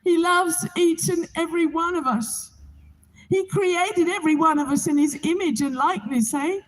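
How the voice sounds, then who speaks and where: High-voiced earnest woman testifying. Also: normal speed, poor audio. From England. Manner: earnest, heartfelt, preacherly. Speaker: Bible reading organizer. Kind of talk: spoken testimony to a gathering. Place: outdoors.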